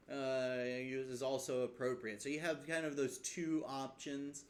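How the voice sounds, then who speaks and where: A man's voice: medium pitch, level tone, a little slow, slight background noise. A man teaching from his own language study in a casual video lesson, thinking aloud with fillers and restarts. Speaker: language learner explaining lessons.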